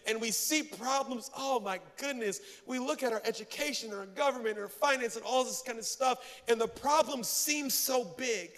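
A man's voice: very high voice, normal speed, few pauses, fairly bright tone. A man preaching a sermon, telling a story with self-mocking humor and acting out voices. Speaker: pastor. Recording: long hall reverb.

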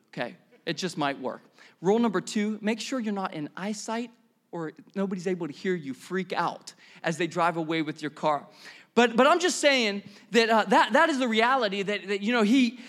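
Preaching a sermon, this pastor tells stories animatedly and conversationally, with sudden bursts of emphasis. He's a man whose voice sits high.

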